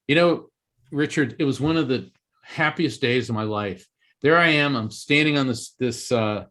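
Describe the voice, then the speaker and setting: A man with a mid-range, fairly bright voice, an author from East Coast Florida in the USA, appears as a guest in an interview. He tells a story earnestly and with animation, often restarting his sentences.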